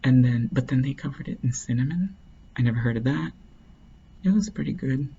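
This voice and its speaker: A man's voice: medium pitch, lively intonation, fairly quick, mellow, dull audio, a little hiss or hum. A man casually telling a long, rambling story, full of "like" and restarts. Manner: rambling, heavy use of "like".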